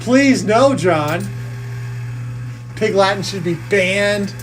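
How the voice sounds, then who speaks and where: Woman hosting a live game stream, jokey, counts out scores real slow, a little hiss behind. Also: mid-range voice, expressive, poor audio. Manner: playful, jokey, counting totals aloud. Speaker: live game show host. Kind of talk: live-stream play-by-play commentary.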